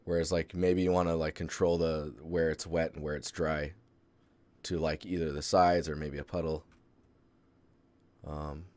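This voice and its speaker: A man hosting a live stream, reviewing a 3D art portfolio in a relaxed, rambling way with lots of fillers and restarts. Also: very deep voice, unhurried, pauses often, no room sound. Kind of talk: casual live-stream critique.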